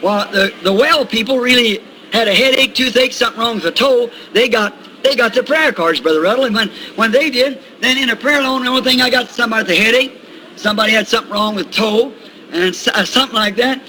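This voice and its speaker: A man's voice: extremely high pitch, fast, pushed and bright, slight background noise, rough recording. An older man preaching a sermon, telling a folksy anecdote and chuckling as he goes. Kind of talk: sermon storytelling.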